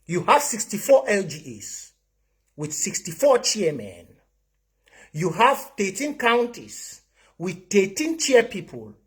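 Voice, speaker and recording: Cameroonian man, livestream political rant, husky voice, high and swinging pitch, preachy and repetitive. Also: huge pitch swings, slow pace. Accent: Cameroonian English and Pidgin. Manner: impassioned, preachy, repeats himself. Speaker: online political commentator.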